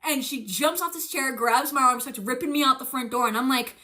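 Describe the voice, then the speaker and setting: A young woman streamer telling a story in casual chat, animated and profane, acting out the voices of the people she quotes. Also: high voice, a little fast.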